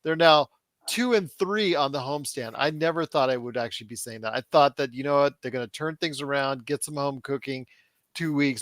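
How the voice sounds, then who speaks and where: A man's voice: mid-range voice, fairly bright tone, dry recording. A man hosting a casual sports talk podcast, teasing his co-hosts and repeating running gags. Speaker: podcast host.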